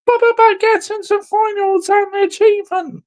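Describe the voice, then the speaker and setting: A man putting on a mocking, shrill voice for an imagined critic who keeps stammering objections. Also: level tone, a little fast, darkish tone. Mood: whiny. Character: whiny high-voiced nagging critic, defensive.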